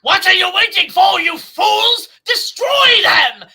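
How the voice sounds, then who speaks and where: Woman doing a shouty villain dino, high, super bright, bossing everyone around. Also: lively intonation, takes it slowly, exaggerated voice. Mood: commanding rage. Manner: shouted commands. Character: raging giant hybrid dinosaur, bossy, villainous.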